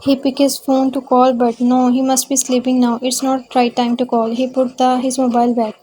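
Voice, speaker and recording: Woman reading fan fiction, narrow pitch. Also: completely flat delivery, warm tone. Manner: halting read-aloud with restarts and slips.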